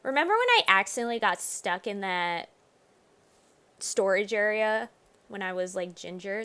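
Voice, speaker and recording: A woman hosting a gaming video, chatting through her playthrough, laughing often and bursting into loud exclamations. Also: mid-range voice, animated, moderate pace, smooth. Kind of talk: let's play commentary.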